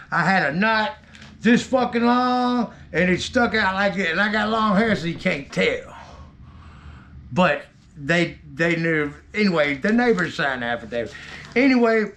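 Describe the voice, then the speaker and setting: Gravelly, bright-voiced cursing storyteller man. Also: high voice. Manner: rambling, heavy cursing, animated retelling. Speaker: storyteller recounting his past. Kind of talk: profane casual storytelling.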